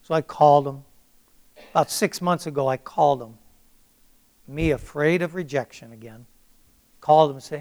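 An older man preaching a sermon, reading scripture with booming emphasis and then telling a personal story in a plain, conversational way. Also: steady tone, normal speed, pauses often, darkish tone.

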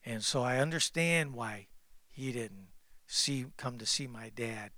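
A man preaching a sermon as pastor, emphatic and repetitive, calling out to the congregation and swinging between loud exclamations and hushed confiding. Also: mid-range voice, measured pace, dry recording. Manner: repeats phrases and calls out to the congregation.

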